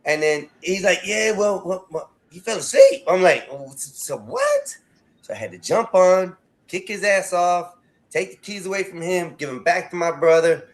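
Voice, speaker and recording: A man's voice: high-pitched, very animated, moderate pace. A man hosting a podcast, telling a rambling story in casual chat, stammering and repeating himself as he goes. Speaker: podcast host.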